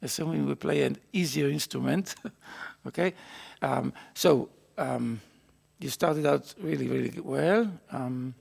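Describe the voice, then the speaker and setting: A man's voice: mid-range voice, slow pace, creaky, a little mellow, slightly rough. A man teaching a trumpet master class in a recording studio, explaining patiently and singing phrases on syllables.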